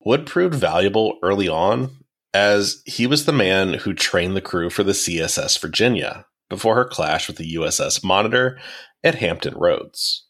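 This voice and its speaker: A man's voice: low-pitched, expressive, moderate pace, a bit bright. A man hosting a podcast, telling a history story in a casual, explanatory way with dry asides. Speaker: podcast host.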